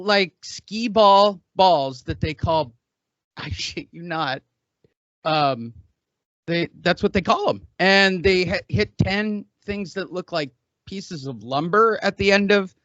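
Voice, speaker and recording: Middle-aged guy hosting a podcast, kinda high voice, rambly and jokey, dull dry lo-fi sound. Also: slow, fairly bright tone, no echo. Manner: rambling, joking, laughs often. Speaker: podcast host. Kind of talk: casual chat.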